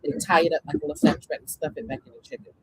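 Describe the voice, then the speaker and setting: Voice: medium pitch, very animated, racing, slight background noise, low-quality recording. A speaker telling a long story in casual chat, rambling with many fillers.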